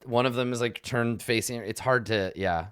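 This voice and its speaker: A man's voice: mid-range voice, normal speed, a bit bright, clear, resonant tone, no echo, studio quality. A man narrating as dungeon master in a rambling way, full of ums and likes, on a stream call from home. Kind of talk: narrating a tabletop game.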